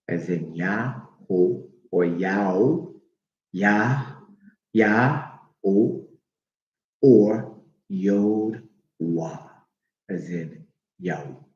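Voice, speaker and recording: A man giving a slow teaching monologue, repeating names aloud with many fillers. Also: deep voice, a little mellow. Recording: dull echoey room recording.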